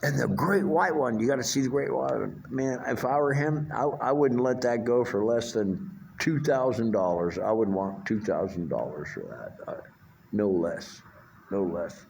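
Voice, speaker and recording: A man's voice: mid-range voice, normal speed, vocal fry, darkish tone, a little hiss or hum. An older man talks in a rambling, profane vlog monologue, full of fillers and restarts. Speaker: vlogger.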